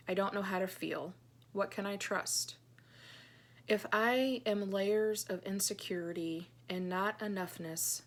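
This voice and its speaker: A woman in her thirties, a Christian blogger, speaking softly and hesitantly with many ums as she reads her own journal aloud in a personal vlog. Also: medium pitch, vocal fry. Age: 30s. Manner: earnest and heartfelt.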